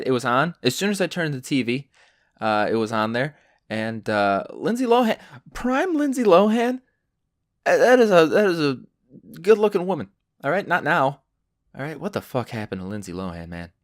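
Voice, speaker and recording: A man's voice: medium pitch, dry recording, clean studio sound. A young adult man hosting a solo podcast, telling stories in a profane, ranting way. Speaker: podcast host.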